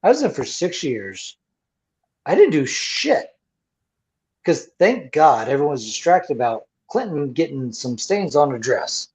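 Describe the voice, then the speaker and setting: A man in his forties, a Marine veteran, telling profane, lively service stories in casual bar-room chat. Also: fairly high pitch, measured pace. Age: 40s. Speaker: podcast host, Marine veteran. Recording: lo-fi muffled audio.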